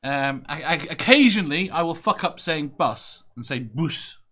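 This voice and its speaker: Bright higher-voiced guy hosting a quiz chat, laughs a lot, rambly. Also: lively intonation, moderate pace. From Merseyside, England. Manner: chuckles often, loose and rambling. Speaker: quiz show host. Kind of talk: casual podcast chat.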